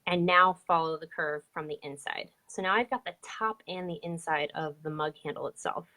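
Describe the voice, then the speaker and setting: A woman's voice: low voice, normal speed, few pauses, pushed and bright. A woman teaching a live online drawing lesson, chatty and upbeat as she explains each step. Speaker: drawing instructor.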